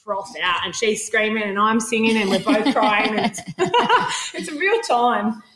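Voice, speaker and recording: A woman's voice: fairly high pitch, lively intonation, measured pace, a bit bright. A young woman co-hosting a podcast, playful and teasing, laughing easily as she chats. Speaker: podcast co-host. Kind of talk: casual chat. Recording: echoey room with crowd noise behind.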